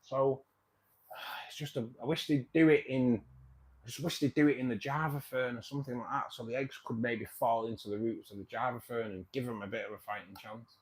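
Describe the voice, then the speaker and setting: A man's voice: medium pitch, steady tone, brisk. A man hosting a casual livestream, chatting with viewers in a rambling way, repeating himself and calling people mate. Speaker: livestream host.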